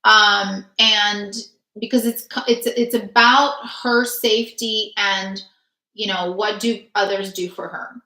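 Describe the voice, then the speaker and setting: A woman's voice: medium pitch, fairly even intonation, slow pace, pushed and bright. A woman hosting a spiritual healing session, talking earnestly in long runs full of fillers. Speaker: spiritual healer host. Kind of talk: casual spiritual chat. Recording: echoey room.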